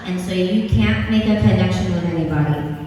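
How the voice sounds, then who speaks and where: A woman's voice: on the low side, brisk, warm tone, far from the mic, slight background noise. Direct woman coach in echoey hall. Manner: direct, repeats "okay?" to check understanding. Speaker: speaking coach giving feedback. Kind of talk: classroom feedback. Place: large room with students.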